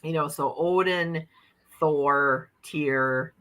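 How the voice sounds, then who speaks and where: A woman's voice: deep voice, drawn-out words, a bit bright. A woman with an Upper Midwest American accent, a guest chatting casually and restarting often on a video call. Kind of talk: casual chat.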